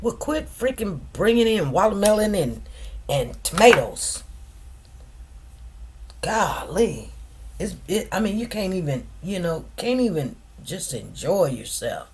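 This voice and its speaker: A woman's voice: mid-range voice, big pitch swings, a little slow, a little hiss or hum. A woman hosting a live stream, chatting casually and directly to her viewers in a slangy, talkative way. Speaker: livestream host. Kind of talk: casual commentary to a live chat.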